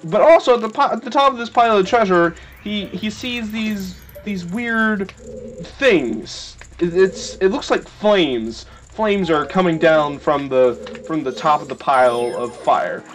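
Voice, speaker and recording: A young man hosting a game playthrough, rambling and joking with sudden excited yelps. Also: high-pitched, a little slow. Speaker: let's play host. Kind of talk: casual gameplay commentary. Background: faint video game music.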